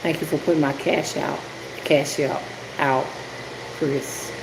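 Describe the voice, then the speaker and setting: A woman's voice: low-pitched, steady tone, slow, creaky. Older woman, casual livestream chat, greeting viewers by name, echoey home room, air conditioner hum. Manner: chatty, greets viewers by name while working with her hands. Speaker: rootworker hosting a livestream.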